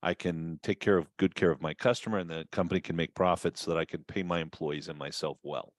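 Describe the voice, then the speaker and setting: A man's voice: sits low, steady tone, fast, no echo. A man giving a conversational webinar talk on running an auto repair business, with fillers and restarts.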